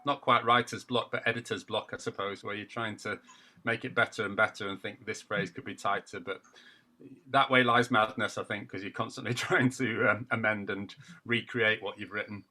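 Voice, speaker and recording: A man being interviewed as a poet, talking in a casual, reflective, self-deprecating way, with thoughtful pauses and fillers. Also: fairly low pitch, fairly even intonation, pushed and bright. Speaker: poet guest.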